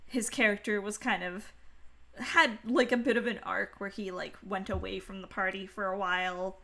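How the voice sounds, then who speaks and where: A woman with a bright, forward voice hosts a casual stream chat. She leans into a playful Valley Girl lilt and giggles between stories. The tone stays loose and chatty throughout. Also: mid-range voice, fairly even intonation, moderate pace. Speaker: streamer host.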